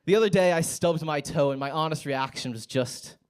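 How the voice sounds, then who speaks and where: A young American man works a comedy club stage on a handheld mic, his voice sitting a little high for a man. He delivers his stand-up set wryly, mocking himself, and now and then breaks into sudden high yelps. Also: fairly quick, clear, resonant tone.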